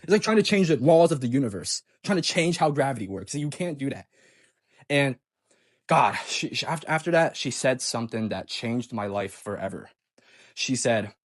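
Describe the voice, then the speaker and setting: A man recounting a hard personal story in a casual, unscripted way. He stumbles, repeats words and sighs as he goes, keeping his voice low and subdued. His pitch sits in an ordinary middle range. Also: expressive, fairly quick. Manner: hesitant, stammering restarts and sighs.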